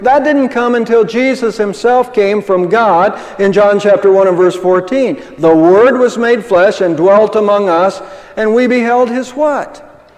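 A man's voice: sits high, unhurried, darkish tone. Older man, pastor; conversational sermon with rhetorical questions, long church-hall reverb.

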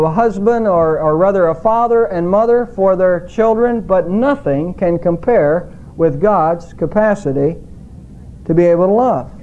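A middle-aged male pastor preaching a sermon in a measured way, slowing down when he quotes scripture. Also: high-pitched, highs cut off.

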